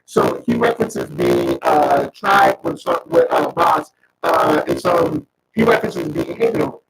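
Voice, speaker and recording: A man chatting casually as a guest, his voice pushed through a robot filter. He talks in slang and tells stories with quoted asides, a gravelly low tone wobbling wildly in pitch. He sits far from the mic with clear noise behind. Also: huge pitch swings, measured pace. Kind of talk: casual livestream chat.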